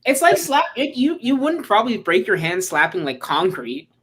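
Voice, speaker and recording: A man's voice: sits high, very animated, moderate pace, fairly bright tone, a little hiss or hum. A man co-hosting a comic podcast, chatting and teasing his friends. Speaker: podcast co-host. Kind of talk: casual podcast discussion.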